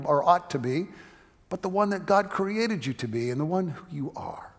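A man preaching a sermon as a pastor, talking conversationally, rising for emphasis and falling to a hush when telling stories. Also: on the high side, expressive, a little fast, vocal fry, slightly rough, in a large hall.

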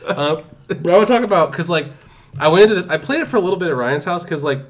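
A man's voice: sits high, fast, far from the mic. A young man co-hosting a podcast, chatting casually and animatedly, cursing often and filling with "like". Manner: animated, swears a lot, many fillers. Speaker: podcast co-host. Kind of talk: casual chat.

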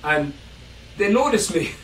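An older man from Jamaica casually telling animated stories about his life as a jazz pianist, laughing often. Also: high voice, takes it slowly, a little hiss or hum. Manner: animated, acts out voices in quotes, laughs often. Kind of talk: casual storytelling. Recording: roomy distant sound with faint ambience.

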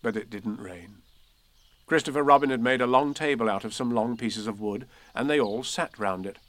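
A man narrating a children's storybook with gentle, expressive storytelling. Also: mid-range voice, moderate pace, no room sound.

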